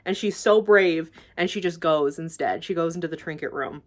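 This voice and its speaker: A woman's voice: sits low, normal speed. A young woman YouTuber casually recapping a movie, rambling and gushing, swearing freely and filling with "like".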